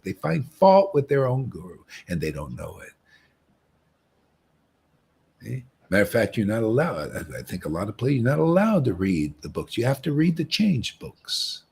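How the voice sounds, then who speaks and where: A man's voice: mid-range voice, a little mellow, husky. A man giving a casual devotional talk as a spiritual teacher, often saying "man" and acting out quoted voices.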